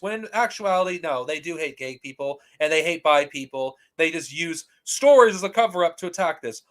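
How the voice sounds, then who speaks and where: Man, high-pitched voice, heated profane rant, stumbling restarts, commentary host. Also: lively intonation, brisk, few pauses, a bit bright. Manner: heated, profane, repeats himself and restarts often. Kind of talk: ranting commentary.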